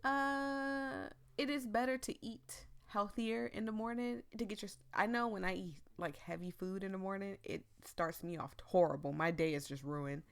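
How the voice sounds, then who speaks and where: Reading game text aloud as she plays a story game, a young woman from the United States rambles and laughs a lot while her voice gives out. She sounds smooth yet gravelly at a medium pitch, keeping a moderate pace with few pauses.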